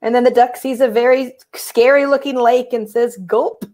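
A woman reading her picture book aloud and chatting in a relaxed, giggly way. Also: a little high, normal speed. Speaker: author and illustrator.

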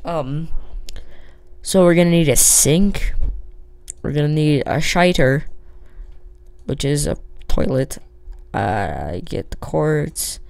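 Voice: medium pitch, creaky, smooth, no room sound. A gamer giving casual, rambling commentary while building in a block game, with lots of fillers and self-talk. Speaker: Minecraft let's player.

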